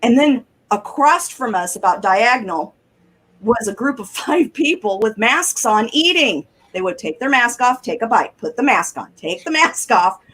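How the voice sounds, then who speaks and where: A middle-aged woman, telling animated stories on a talk show and acting out the people she quotes. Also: fairly high pitch, moderate pace. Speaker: guest caller. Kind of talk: casual storytelling on a talk show.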